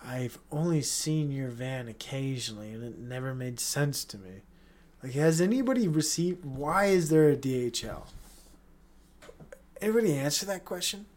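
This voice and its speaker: A man hosting his own podcast, rambling in a casual solo rant with lots of swearing, restarts and incredulous questions. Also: on the high side. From Utah. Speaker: podcast host.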